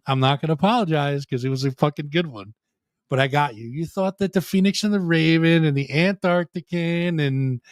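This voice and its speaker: A man's voice: a little high, no room sound, clean studio sound. A man hosting a live rock show stream, joking and profane, playing up a mock apology. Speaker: podcast host.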